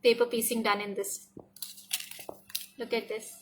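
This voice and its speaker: A woman with an Indian English accent, a craft die designer, enthusiastically demonstrates a product, often repeating "look at this" and slipping into Hindi. Her voice is fairly high with little pitch movement, unhurried, over slight background noise.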